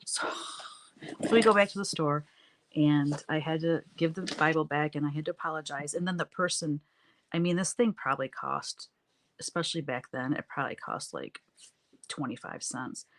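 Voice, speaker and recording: A woman with a low, deep speaking voice chats casually with her live viewers while she paints. She tells stories in a loose, chatty way and laughs often. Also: normal speed, a little hiss or hum. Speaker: artist hosting a live stream. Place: home art studio, standing at work.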